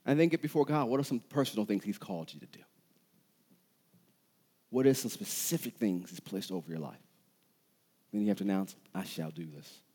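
A man preaching a sermon as pastor, with impassioned delivery that builds to shouted peaks. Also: fairly low pitch, lively intonation, brisk, long pauses, husky, long reverb tail.

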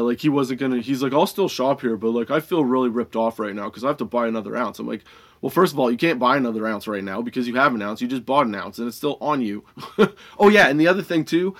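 A man casually telling stories about his old dispensary job, laid-back, swearing freely and laughing often, and high while he talks. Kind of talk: casual storytelling monologue.

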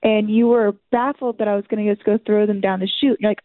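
A woman calling into a radio show as the host's wife, exasperated and quick to give examples. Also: medium pitch, steady tone, no echo. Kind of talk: phone call on air. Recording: tinny phone line.

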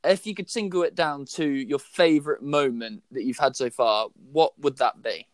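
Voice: medium pitch, moderate pace, no room sound. A podcast host asking a guest long, friendly questions full of fillers. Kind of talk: interview questions.

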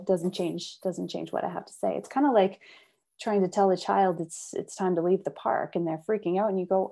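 A woman's voice: mid-range voice, moderate pace, gravelly, dark tone. A woman hosting an interview, chatty and thinking aloud, often laughing between her points. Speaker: interview host. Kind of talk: conversational interview.

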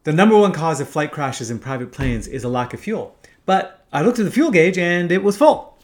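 A man in his fifties from Canada, telling a first-person story in a wry, casual way, swearing freely. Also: fairly high pitch. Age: 50s.

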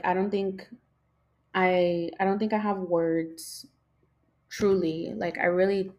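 A young woman hosting a casual podcast, rambling, swearing a lot, losing her train of thought and yawning as she talks. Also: on the low side. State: yawning, tired. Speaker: podcast host.

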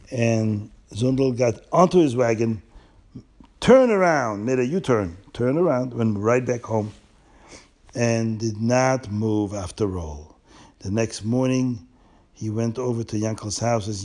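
Animated gravelly male storyteller. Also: mid-range voice. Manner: animated, emphatic, drawn-out words. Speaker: storyteller and teacher for children. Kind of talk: storytelling with a moral lesson.

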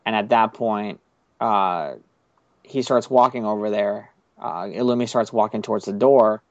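A man's voice: on the low side, unhurried, dry recording. A man hosting a casual podcast chat, recapping an episode in a rambling way with many fillers. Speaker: podcast host. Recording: slightly muffled, dry recording.

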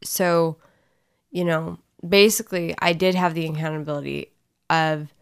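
Woman w/ low gravelly voice, rambly emotional storytelling, casual chat. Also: fairly even intonation, moderate pace. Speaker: co-host sharing her story.

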